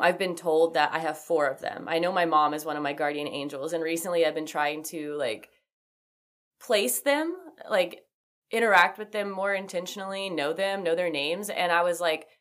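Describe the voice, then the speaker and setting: A woman's voice: low voice, normal speed, fairly bright tone. A young woman hosting a podcast, chatting casually with lots of "like" fillers and easy laughter. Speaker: podcast host. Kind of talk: casual chat.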